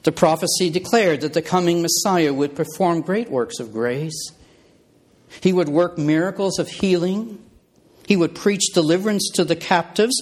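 A man delivering a sermon in a slow, deliberate cadence. His voice is a little husky, and his pitch swings widely as he presses rhetorical questions on his listeners. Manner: measured, emphatic preaching with rhetorical questions. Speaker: preacher.

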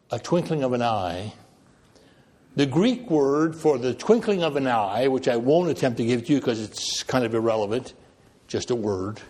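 A man preaching a sermon, swinging widely between loud emphatic phrases and quiet ones, with conversational asides and self-deprecating humor. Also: husky. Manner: dramatic, with wide swings in pitch and loudness.

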